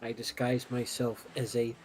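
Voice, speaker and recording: A man's voice: medium pitch, monotone, a little mellow, faint music behind, rough recording. A man playing in a tabletop game, chatting casually and joking with the game master. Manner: playful, quick to joke. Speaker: player.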